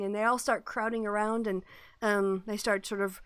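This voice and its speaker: A woman running a tabletop game as game master, chatty and quick to laugh. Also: mid-range voice, little pitch movement, a bit bright, clear, resonant tone.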